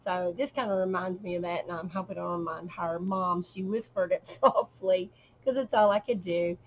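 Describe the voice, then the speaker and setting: A middle-aged woman showing a handmade journal in casual show-and-tell narration, at an unhurried pace with frequent ums and trailing pauses, at home. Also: fairly low pitch, fairly even intonation, a little hiss or hum, poor audio.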